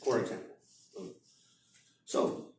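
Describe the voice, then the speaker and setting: A man teaching English at a seminar, lecturing slowly and demonstrating example sentences aloud. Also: darkish tone, slight background noise. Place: seminar room. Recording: roomy echo, heard from far off.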